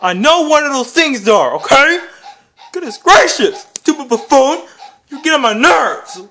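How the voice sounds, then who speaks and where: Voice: sits high, sing-song, measured pace, a little hiss or hum, full character voice. A performer voicing a raging puppet hand. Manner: yells insults and exasperated questions. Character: hot-tempered puppet hand raging at a video game. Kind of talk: comedic gameplay commentary in character. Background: video game music.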